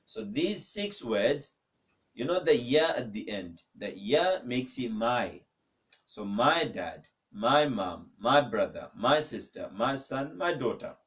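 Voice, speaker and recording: A man teaching an online Arabic lesson from a mosque, slowly repeating words and asking viewers to write in the comments. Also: medium pitch, sing-song, fairly bright tone. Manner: slow, repetitive drilling, asks for comments.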